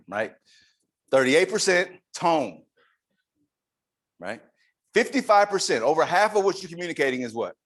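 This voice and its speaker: A man giving a lively leadership talk at a conference, emphatic and playful with the audience. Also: mid-range voice. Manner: animated, emphatic, playful with the crowd. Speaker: conference speaker. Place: conference room.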